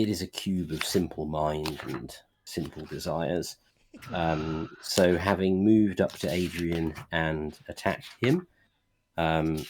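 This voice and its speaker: A man running a tabletop game as game master, calm and measured, with dry humor. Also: deep voice, a little hiss or hum.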